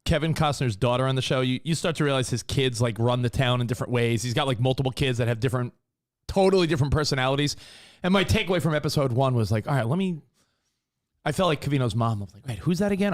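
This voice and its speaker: Male radio co-host, rapid and animated delivery, laughs easily. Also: mid-range voice. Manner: animated, fast-talking, quick to laugh. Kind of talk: casual radio banter.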